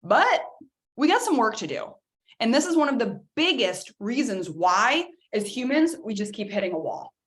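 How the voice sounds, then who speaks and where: A woman wellness coach giving an energetic, emphatic workshop talk, speaking directly to her audience and calling them guys. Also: a little high, moderate pace.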